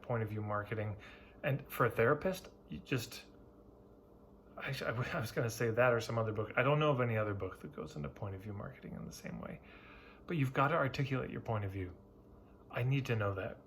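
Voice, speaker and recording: A man's voice: medium pitch, a little hiss or hum. A man talking casually and candidly to camera, giving emphatic marketing advice to therapists. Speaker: marketing coach.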